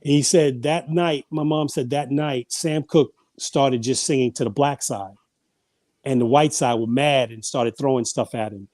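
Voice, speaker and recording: A man's voice: mid-range voice, measured pace, darkish tone, dry recording. A man guest on a podcast, telling family stories in a rambling, casual way with many restarts and repeated words. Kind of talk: casual storytelling.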